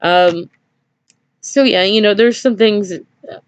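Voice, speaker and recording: A woman's voice: mid-range voice, slow. A woman telling a personal story in a casual vlog, hesitant, with many fillers and small nervous laughs. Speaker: vlogger. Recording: dry dull lo-fi home recording.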